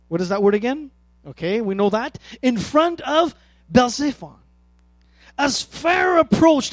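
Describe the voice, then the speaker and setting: A man preaching a sermon as pastor, emphatic and swinging between loud and soft. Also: very high voice, no room sound.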